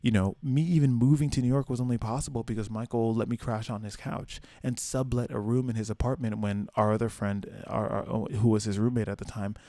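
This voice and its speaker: A young man from the American South hosting a casual solo podcast, telling stories with swearing and playful high-pitched asides. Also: brisk, hardly any pauses, no echo, studio quality. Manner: animated storyteller, swears freely, acts out quotes in high voices. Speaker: podcast host.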